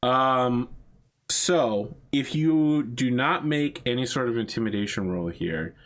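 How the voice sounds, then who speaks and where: A man's voice: mid-range voice, slow. A man running a tabletop role-playing game, casually explaining rules and outcomes and laughing often. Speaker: game master.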